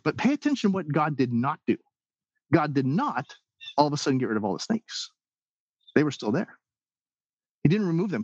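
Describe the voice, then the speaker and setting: A man preaching a sermon in an animated way, acting out the people's and God's words as he goes. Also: a little high, no echo, dull audio. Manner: animated preaching, acts out quoted voices. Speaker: pastor.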